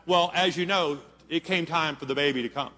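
A man's voice: on the high side, fairly quick, pushed and bright. A man preaching a sermon, telling a story in an earnest, emphatic way and checking in with his listeners. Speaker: pastor. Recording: long hall reverb.

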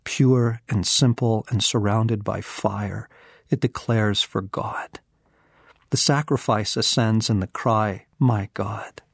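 A man's voice: fairly low pitch, fairly even intonation, gravelly, breathy edge, no echo, clean studio sound. A man giving a devotional teaching, reading scripture and dropping to a whisper for emphasis. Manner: slow, intense, drops to a whisper for emphasis. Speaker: author and teacher.

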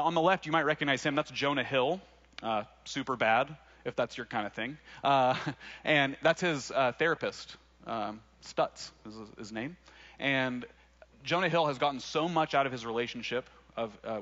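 A man's voice: mid-range voice, moderate pace, fairly bright tone, muffled recording. A young man from Arkansas, preaching a sermon in a casual, conversational way with laughing asides. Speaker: pastor.

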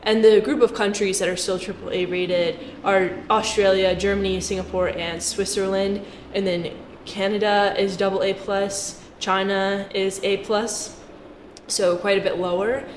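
A woman's voice: medium pitch, level tone, unhurried. Chatty woman in an echoey room. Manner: chatty and jokey, with playful asides. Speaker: finance commentator. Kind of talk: casual explainer talk to camera. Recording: roomy echo with faint background noise.

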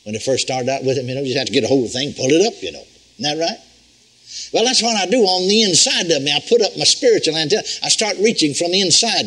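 An older man preaching a sermon in a folksy, animated teaching manner, repeating phrases for emphasis. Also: a little high, quick pace, slightly rough, rough recording. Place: church healing school.

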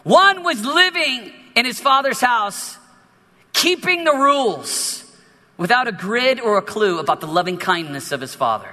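Guy preaching a sermon, really high voice, emphatic, lots of repeats, echoing around a big church hall. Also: unhurried. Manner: emphatic, animated preaching with repetitions.

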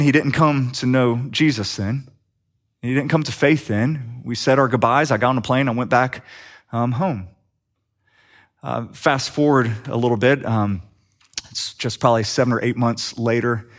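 A middle-aged man preaching, telling a personal story with lively acted-out dialogue. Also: mid-range voice. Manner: animated storyteller acting out quoted dialogue. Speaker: pastor. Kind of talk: sermon storytelling.

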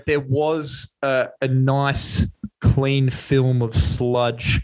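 A man's voice: medium pitch, level tone, very slow, darkish tone, poor audio. A young Australian man, a podcast co-host telling a drinking story in casual chat, rambling and self-mocking, with frequent swearing.

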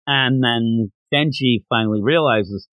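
A man's voice: mid-range voice, a little slow, no room sound. A man co-hosting a podcast, recapping a manga chapter in casual chat and acting out the characters' lines. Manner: animated, acts out character lines in voices. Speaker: podcast co-host.

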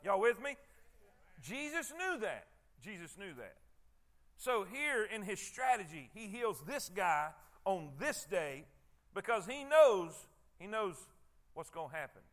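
A man's voice: high voice, sing-song, a little slow, fairly bright tone. A man preaching a sermon in a conversational way, often repeating words and checking in with his congregation. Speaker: pastor.

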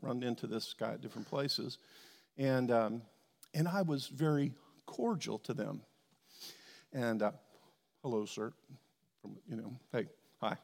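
Husky pastor preaching in an echoey hall. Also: male voice, medium pitch, darkish tone. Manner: personal storytelling, acting out dialogue with God. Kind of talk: sermon.

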